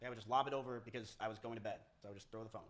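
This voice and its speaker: A man's voice: on the low side, steady tone, rapid-fire. A man casually explaining himself on a livestream. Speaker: streamer in played clip. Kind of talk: livestream talk.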